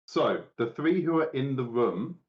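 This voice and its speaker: A man narrating as game master of a live tabletop game, calm and measured. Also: medium pitch, highs cut off.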